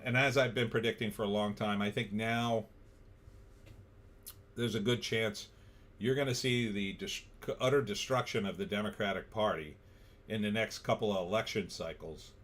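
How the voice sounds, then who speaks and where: A man's voice: lowish voice, fairly bright tone. A man hosting a political livestream, blunt and sarcastic, reading viewer comments aloud. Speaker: livestream host.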